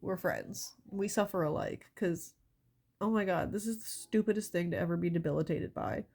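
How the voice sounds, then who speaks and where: A woman's voice: fairly low pitch, moderate pace, creaky, darkish tone. Stuffy-nosed woman ranting through allergies. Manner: exasperated, rambling, swears a lot. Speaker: stand-up comedian. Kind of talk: stand-up comedy bit.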